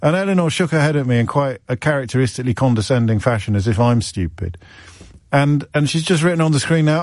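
A man's voice: medium pitch, animated, fast talker, no room sound. A man hosts a radio phone-in from a dry, close studio mic. He talks in loose, rambling asides and teases himself and his team as he goes. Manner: rambling, teasing, self-mocking asides. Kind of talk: casual radio chat. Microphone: studio microphone.

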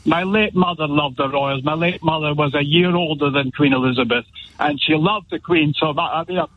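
A man in his seventies calling a radio phone-in, talking in a halting, emotional way and repeating his words. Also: on the high side, no room sound. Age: 70s. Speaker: caller. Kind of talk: phone-in call. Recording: muffled phone line.

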